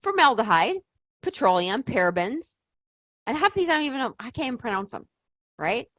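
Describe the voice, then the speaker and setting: A woman's voice: fairly high pitch, big pitch swings, fairly quick, fairly bright tone, dry recording. A middle-aged woman hosting a casual health talk, rambling off on tangents and stressing her points with emphatic questions. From United States. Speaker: health channel host.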